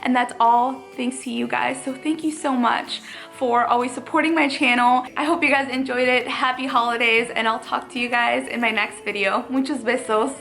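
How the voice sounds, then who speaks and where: A woman's voice: a little high, steady tone, moderate pace, gravelly, fairly bright tone. A young woman vlogging casually, gushing and chatty as she talks to her viewers. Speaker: lifestyle vlogger. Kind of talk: casual vlog narration. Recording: faint background music.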